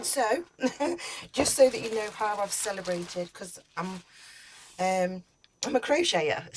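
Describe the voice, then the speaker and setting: A woman who makes crochet videos, halting and teary as she talks through an unboxing, with many ums and restarts. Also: mid-range voice, slight background noise, rough recording. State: teary and emotional. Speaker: crochet YouTuber. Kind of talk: casual unboxing vlog.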